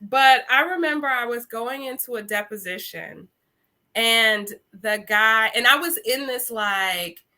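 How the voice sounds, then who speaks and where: A woman in her forties, an attorney as a guest in an interview, telling lively stories and laughing easily. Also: a little high, a little slow. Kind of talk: casual interview chat.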